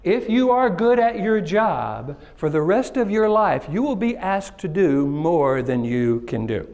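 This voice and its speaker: A man's voice: high voice, big pitch swings, unhurried, a little mellow. A man from Texas giving an interactive conference keynote, joking with the audience and asking them questions. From Kilgore, Texas. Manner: engages the audience, jokes and asks questions. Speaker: keynote speaker. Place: conference stage.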